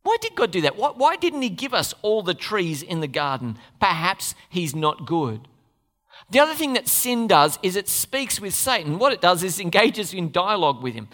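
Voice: mid-range voice, big pitch swings, moderate pace, fairly bright tone. A preacher giving a sermon in a conversational way, asking the congregation questions and adding playful asides. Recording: long reverb of a large hall.

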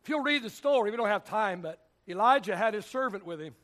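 High, bright-voiced preaching man. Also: lively intonation, fast talker. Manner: impassioned, often shouting. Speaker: pastor. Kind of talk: sermon.

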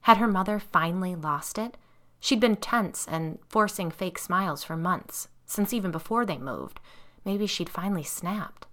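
A woman reading an audiobook in a measured, suspenseful narration. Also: fairly low pitch, fairly bright tone.

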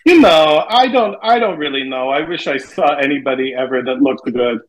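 A man's voice: fairly high pitch, expressive, moderate pace, poor audio. A man from North Carolina in a casual podcast chat, laid-back and wry, laughing easily. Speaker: podcast co-host.

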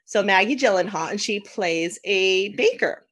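A woman's voice: medium pitch, measured pace. A woman hosting a podcast, telling a personal story in casual chat and acting out the quotes. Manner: animated storyteller, acts out quotes, laughs often. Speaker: podcast host.

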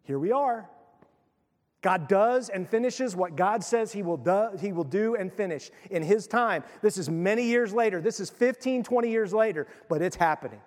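High-voiced male pastor in reverberant hall. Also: expressive, moderate pace, a little mellow. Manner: conversational, retells the story with asides. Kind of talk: sermon.

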